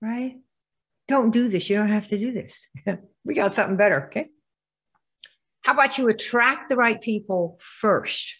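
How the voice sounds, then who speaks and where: A woman's voice: fairly high pitch, moderate pace, pauses often, a bit bright, slightly rough. A woman giving a live business training presentation. She keeps firing rhetorical questions at her listeners and pushing them to answer. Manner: rhetorical, quizzes the audience.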